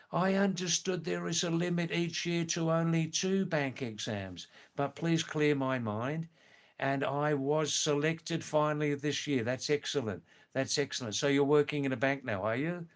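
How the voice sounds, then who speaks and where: A man with an Australian accent chatting on a live stream, reading viewer comments slowly and clearly with frequent chuckles. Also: a little high.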